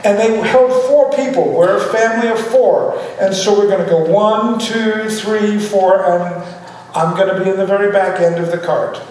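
A man's voice: high voice, fairly even intonation, moderate pace, darkish tone. A man preaching a sermon, telling a funny personal story with lots of laughter. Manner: humorous storytelling, often laughing. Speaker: pastor. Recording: echoey hall from far off, with room noise.

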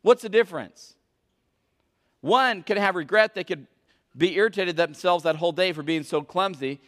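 A man preaching a sermon as pastor, questioning the congregation and swinging between loud emphasis and hushed intensity. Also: high-pitched, moderate pace. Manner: questions the congregation and calls for answers. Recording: long reverb of a large hall.

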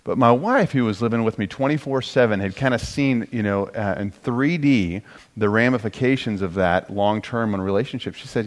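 A middle-aged man teaching a marriage course in a relaxed, conversational way, joking at his own expense and getting animated when he quotes himself. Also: on the low side, moderate pace.

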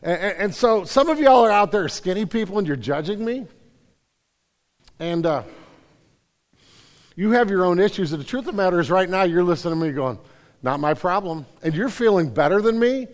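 A man's voice: sits high, lively intonation, a little fast, long pauses, big-room sound. A man preaching a conversational sermon, self-deprecating, with many repeated starts. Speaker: pastor. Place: church hall.

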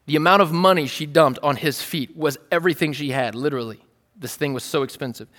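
A man's voice: fairly high pitch, quick pace, a bit bright. A male pastor preaching a sermon in a conversational, playful style, acting out the scenes he tells. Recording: long reverb of a large hall.

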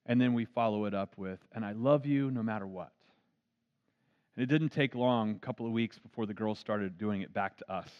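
Earnest man preaching a sermon. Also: mid-range voice. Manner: storytelling, earnest. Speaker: pastor. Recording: dull lo-fi recording.

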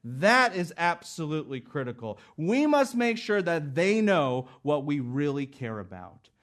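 A middle-aged man delivering a sermon from the pulpit in an earnest, emphatic way. His voice sits a little high for a man, and he stacks phrase on phrase to drive each point home. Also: very animated, measured pace, fairly bright tone. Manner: earnest and emphatic, building through repeated phrases. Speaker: preacher. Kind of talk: expository sermon.

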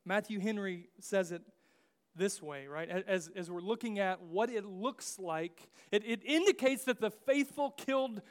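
High-voiced preacher with a jokey delivery. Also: male voice, unhurried. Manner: jokey, acts out biblical figures in slang asides. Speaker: pastor. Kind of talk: casual conversational sermon.

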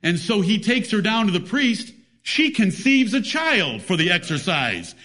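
A man with a fairly high voice preaches a sermon. He speaks emphatically and reads scripture in old-fashioned biblical wording. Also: big pitch swings, unhurried, pushed and bright.

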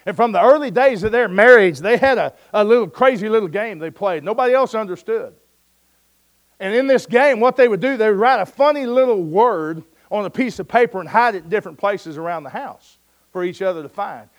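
High-voiced preacher telling a tender story. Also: male voice, expressive, brisk. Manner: storytelling, dropping to a soft hush at moving points; folksy and conversational. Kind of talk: sermon.

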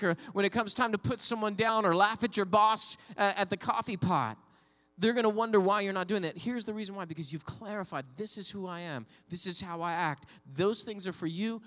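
A man's voice: high-pitched, fairly quick, fairly bright tone, long reverb tail. A male pastor preaching a sermon, building to fervent calls and leading the congregation in call-and-response.

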